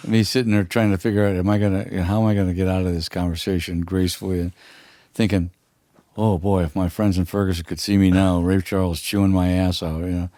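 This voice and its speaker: An older man with a husky, very low voice and a dark, mellow tone. He tells his stories slowly and haltingly, with many fillers. The sound is close and dry. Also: flat delivery, dry recording. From United States. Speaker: guest musician. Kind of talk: casual storytelling.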